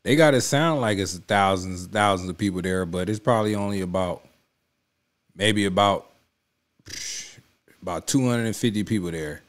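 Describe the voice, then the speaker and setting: A man's voice: deep voice, moderate pace. A man hosting a reaction video, talking in an emphatic, repetitive, casual way and often checking in with his listeners. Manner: emphatic, repeats himself, keeps saying "you know what I'm saying". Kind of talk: casual spoken commentary.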